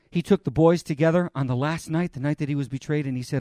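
A man's voice: fairly high pitch, a little fast, few pauses, darkish tone, no echo, studio quality. A male pastor preaching a sermon in an earnest, conversational way, speaking directly to his congregation.

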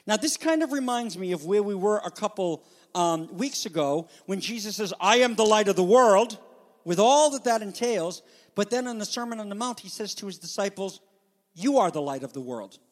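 A man preaching a sermon as pastor, with animated, dramatic emphasis, speaking to a congregation. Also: high voice. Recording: long hall reverb.

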